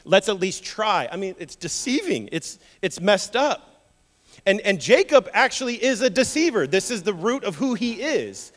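Animated high-voiced male preacher. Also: normal speed, long reverb tail. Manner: animated storytelling with humorous asides. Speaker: pastor. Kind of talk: sermon.

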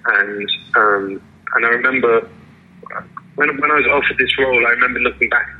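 An actor answering interview questions casually, hesitant with many fillers and restarts. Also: male voice, medium pitch, normal speed, slight background noise. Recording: lo-fi phone-like line.

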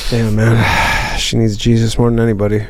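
A man's voice: medium pitch, completely flat delivery. Profane, bantering podcast co-host man. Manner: profane, riffing banter with quick asides. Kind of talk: casual comedic chat.

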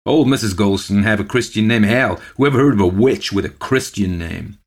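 Jeering drunken loafer, growly and loud, voiced by a male reader. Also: fairly low pitch, fairly quick, pitched above the performer's own voice.

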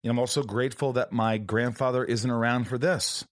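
A man's voice: mid-range voice, fairly even intonation, fairly quick, no echo, clean studio sound. A young man hosting a casual, heartfelt conversation, speaking candidly with the odd swear word and acting out what others said. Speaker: podcast host.

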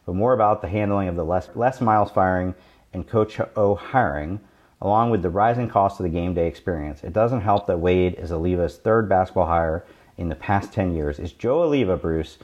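A man co-hosting a podcast, reading out listener mail in a measured, conversational way. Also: deep voice, a little mellow, dull audio. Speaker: podcast co-host.

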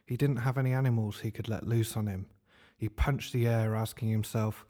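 A man narrating a comic story in a dry, deadpan way. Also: on the low side, moderate pace.

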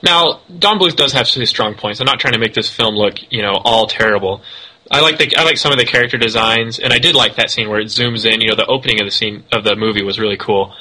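A man co-hosting a podcast, chatting casually and critiquing an animated film in an animated, rambling way with self-corrections. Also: on the low side, fast, poor audio. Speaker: podcast co-host. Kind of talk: casual film review chat.

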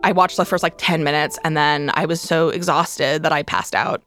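A woman's voice: sits low, steady tone, moderate pace, fairly bright tone, soft background music. A woman telling a painful personal story in a candid, conversational way, full of "like" fillers. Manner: conversational, frequent "like" fillers, emotional recollection. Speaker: memoir author, interview guest.

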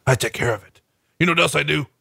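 A deadpan wrestler with a thick mock Russian accent and a gravelly, crackling voice, put on by a man. He talks in stiff broken English, bright and edgy in tone. The sound is dry and close. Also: a little high, fast, dry recording, full character voice.

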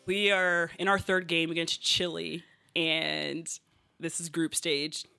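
Bright-voiced woman telling a lively story. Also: on the low side, slow pace, vocal fry, smooth, soft background music. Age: 30s. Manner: animated, laughing storyteller with many fillers. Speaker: guest soccer player. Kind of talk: casual storytelling.

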